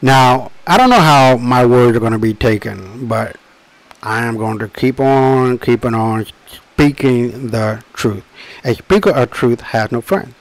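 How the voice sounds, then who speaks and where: In a rambling monologue delivered straight to camera, a man with a medium-pitched, expressive voice presents his own book. He's emphatic and profane, often slowing to drag out words, with frequent restarts and asides, and the audio is poor.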